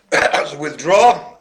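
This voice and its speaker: A man's voice: fairly high pitch, expressive, very slow. A man hosting a live-streamed bingo game, cracking jokes and rambling in a chatty way to a helper off-mic. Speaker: bingo caller and host.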